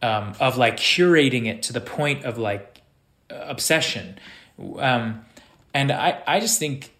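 A man at an ordinary middle pitch, talking in a halting way as he feels for the right words. His voice carries a roomy echo. The talk is loose and conversational. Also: animated, fairly bright tone. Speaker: actor guest. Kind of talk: casual conversation.

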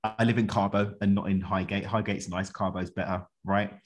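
A man recounts his own story as a podcast guest, talking animatedly and breaking into chuckles. His voice sits fairly low. His phrasing is casual and full of everyday slang. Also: moderate pace. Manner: animated, chuckles often, colloquial. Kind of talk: personal storytelling in conversation.

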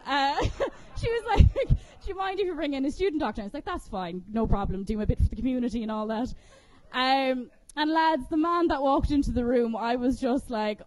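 A woman from Kerry performs a stand-up set in a comedy venue, speaking into a stage microphone. Her voice sits high and bright for a woman. She talks in a chatty, profane, self-mocking way and laughs often between lines. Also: animated, moderate pace, no echo. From Kerry, Ireland.

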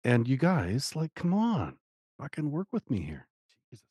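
A man co-hosts a podcast in casual chat, joking and hedging with lots of fillers. His pitch rises and falls in lively swings. The sound is dry and close. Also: moderate pace, breathy edge, no echo. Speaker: podcast co-host.

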